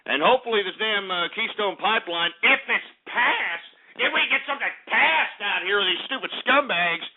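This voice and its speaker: A man hosting a radio market report, loud and crude, swearing and ranting at his listeners between stock figures. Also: high voice, animated, normal speed, hardly any pauses. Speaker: radio show host. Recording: tinny phone-like lo-fi audio.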